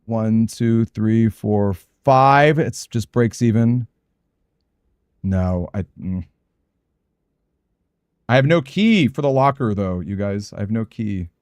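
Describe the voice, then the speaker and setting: A man's voice: fairly low pitch, expressive, takes it slowly, long pauses, a little mellow, smooth, no room sound, studio quality. A man playing a video game and thinking aloud, anxious and muttering to himself as he plans his moves. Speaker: gaming streamer. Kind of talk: let's play commentary.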